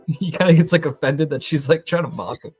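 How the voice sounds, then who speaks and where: A young man hosting a podcast, recapping a TV episode in a rambling, excitable way with lots of fillers. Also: fairly high pitch, fairly quick, slightly rough, soft background music. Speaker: podcast host.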